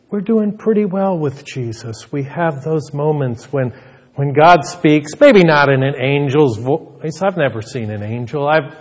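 A male pastor delivers a sermon in an earnest way, and he often repeats words as he restarts. His voice sits somewhat high. He speaks at a slow, measured pace.

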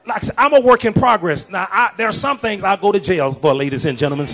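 A man preaches a sermon. He swings from soft, low asides to loud, shouted lines and laughs along with the congregation. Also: quick pace. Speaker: pastor.

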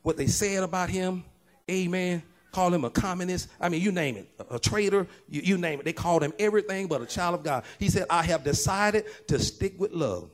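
A man preaches a sermon. He swings from soft, low asides to loud, shouted lines and laughs along with the congregation. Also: a little fast. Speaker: pastor.

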